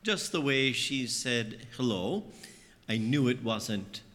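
A man's voice: expressive, slow, a bit bright. A man preaching a homily as a priest, telling stories and acting out voices. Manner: storytelling, acting out voices with big swings in pitch. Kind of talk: sermon. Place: church. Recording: long church reverb.

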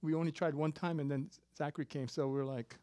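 A man in his fifties preaching a sermon as pastor, animated and jokey, swinging from loud emphasis to quiet asides. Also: a little high, fairly quick, no room sound. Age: 50s.

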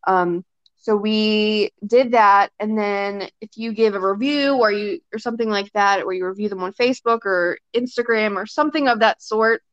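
A young woman with a middle-pitched voice chats casually as a podcast guest. Her loose talk is filled with fillers and she often acts out quick quotes. The recording is dry and slightly dull, with no room sound.

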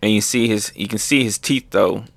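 A young man excitedly reacting to a comic chapter, laughing often and making sound effects. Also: fairly low pitch, moderate pace, gravelly.

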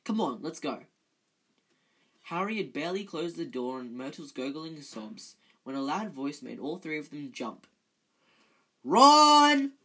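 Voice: mid-range voice, lively intonation, moderate pace, hardly any pauses, slightly rough, rough recording. A reader narrating a novel aloud in an amateur way, often stumbling and correcting themselves.

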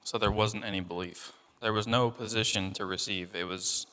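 Young guy preaching, chatty and loose, lotsa fillers, bright forceful voice, big hall echo. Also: fairly low pitch, steady tone, normal speed, few pauses. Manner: conversational, many fillers, acts out voices of people in the story. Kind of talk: casual sermon.

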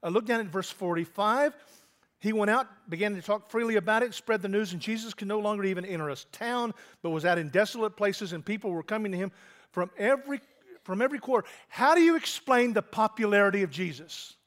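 A man's voice: high-pitched, animated, fairly quick, fairly bright tone. A middle-aged man preaching a sermon as pastor, conversational and asking his congregation questions.

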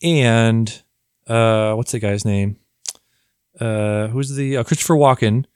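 A man's voice: mid-range voice, steady tone, takes it slowly, a little mellow, clear, resonant tone. A man co-hosting a podcast in casual, rambling chat with fillers and laughs. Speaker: podcast co-host.

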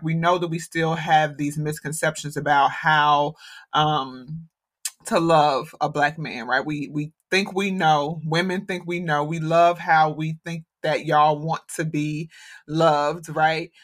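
A woman hosting a podcast, leading the talk in a relaxed, conversational way with frequent affirming murmurs. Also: sits low, measured pace. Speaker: podcast host. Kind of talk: casual chat, leading discussion.

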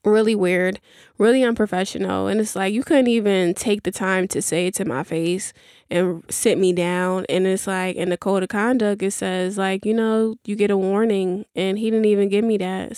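This young female podcast host rambles through a story in casual chat, using many fillers and asides. Her mid-range voice is darkish yet clear and resonant, with fairly even intonation at a moderate pace. The recording is dry and clean, studio quality.

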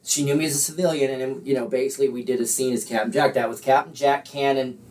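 A man's voice: medium pitch, fairly even intonation, fast talker, a little mellow. A man who is a guest on a podcast, telling rambling anecdotes and often checking in with "okay?". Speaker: interview guest. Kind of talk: casual storytelling in an interview. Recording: distant mic, room sound.

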